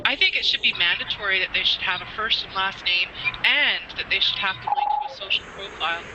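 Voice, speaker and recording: A woman's voice: mid-range voice, fast, noisy background. A woman chatting bluntly in a group video call. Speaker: hangout participant. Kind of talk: casual group video chat.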